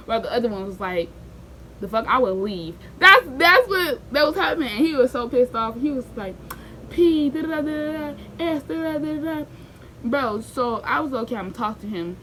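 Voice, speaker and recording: Animated young woman telling a story. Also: on the high side, a little hiss or hum, low-quality recording. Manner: animated, slangy, jumps into quoted voices and loud outbursts. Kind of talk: casual storytime chat.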